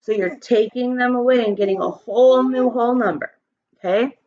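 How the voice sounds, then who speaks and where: A woman kindergarten teacher reading a picture book aloud and giving an online lesson, animated and encouraging, from home on a webcam. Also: on the high side, fairly quick, lo-fi sound. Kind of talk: read-aloud and virtual lesson.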